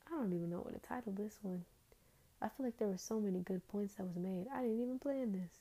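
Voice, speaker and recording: A woman's voice: mid-range voice, fast, mellow, breathy edge. A tired woman hosting a casual, rambling faith talk, trailing off into fillers.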